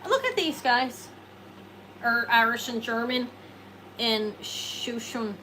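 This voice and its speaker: Chatty bright-voiced woman host. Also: a little high, lively intonation, slow, a little hiss or hum, poor audio. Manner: chatty and rambling, answers viewers' comments; self-deprecating, jokes and laughs. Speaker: host selling jewelry live. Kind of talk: casual live sales chat.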